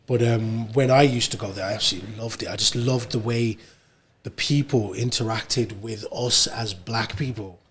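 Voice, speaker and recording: An English man, a radio presenter, chatting casually as a podcast guest, telling stories in a relaxed way and acting out the people he quotes. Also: fairly low pitch, moderate pace, a little hiss or hum. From England. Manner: relaxed storytelling, animated when quoting others. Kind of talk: casual conversation.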